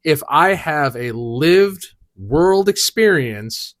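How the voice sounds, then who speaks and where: Casual podcast co-host, man, needling and playful, with an expressive pitch. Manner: teasing, deliberate. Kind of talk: casual chat.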